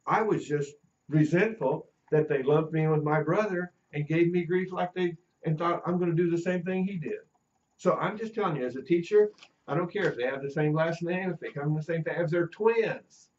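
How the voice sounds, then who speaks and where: The audio is dull as a middle-aged man with a fairly high pitch teaches a class at a fairly quick clip. A teacher educator, he relates stories and performs the voices of the people featured.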